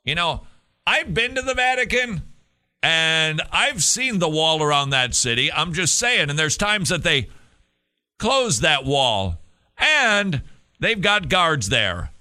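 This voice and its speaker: A man hosting a talk radio show, reading news items with sarcastic, animated commentary. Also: a little high. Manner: sarcastic, animated, quick to laugh. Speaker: radio host.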